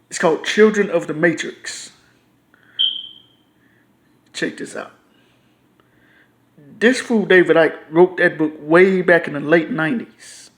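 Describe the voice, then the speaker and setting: A frustrated man, ranting to camera in a loose, profane, repetitive way. His voice sits a bit high for a man, and he keeps circling back to the same points. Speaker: YouTuber. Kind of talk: casual ranting monologue.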